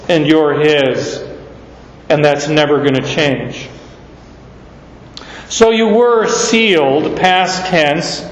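A middle-aged man from Arizona preaching a sermon, telling stories unhurriedly and rising sharply on key words. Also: a little high. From Arizona, USA. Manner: unhurried storytelling with sudden emphatic rises. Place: large hall or church. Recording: muffled, echoey hall.

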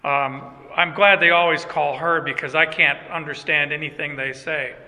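A man's voice: fairly high pitch, steady tone, normal speed, bright, forceful tone. An older man preaching a sermon in a church, casual and joking, talking directly to his congregation. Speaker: pastor. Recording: long church reverb.

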